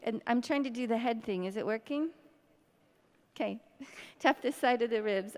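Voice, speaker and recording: A woman leading a guided tapping session, speaking slow scripted affirmations between deep sighs and breaths. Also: a little mellow. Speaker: EFT tapping practitioner. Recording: long reverb in a hall.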